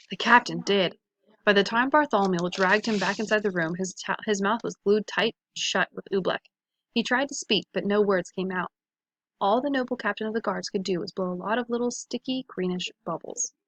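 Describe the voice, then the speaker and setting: A woman's voice: medium pitch, a little fast, no room sound. Woman reading a storybook aloud. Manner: lively, voices the characters.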